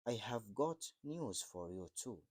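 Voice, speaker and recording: Young housemaid, chatty, newsy, a man reading, low voice. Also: expressive, takes it slowly, a little mellow, no echo, clean studio sound. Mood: brisk.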